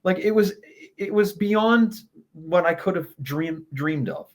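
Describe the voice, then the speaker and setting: Animated man telling road stories. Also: high voice, slow pace. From Canada. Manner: lively, animated anecdote-telling with laughs and swearing. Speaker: guest. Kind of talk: casual storytelling interview.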